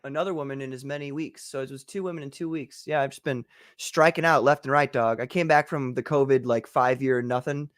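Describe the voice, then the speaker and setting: A man's voice: mid-range voice, fairly even intonation, brisk, no echo, clean studio sound. A man hosting a casual livestream chat, loose and joking as he reads out viewer comments. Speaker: show host.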